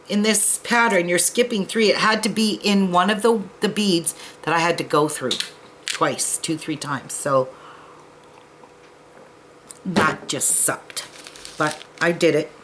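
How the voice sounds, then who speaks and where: A woman's voice: on the low side, a bit bright, slight background noise, poor audio. A woman hosting a casual beading tutorial, chatting to viewers and joking at herself while she sorts beads. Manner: chatty, self-deprecating, talks to viewers while working.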